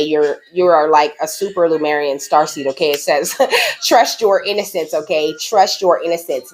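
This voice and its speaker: A woman with a fairly low voice reads oracle cards aloud to her viewers in a relaxed, chatty way. She keeps reassuring them and ends nearly every sentence with a questioning "okay?". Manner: affectionate, reassuring, speaks directly to the viewer. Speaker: spiritual card reader. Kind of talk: casual oracle card reading to camera.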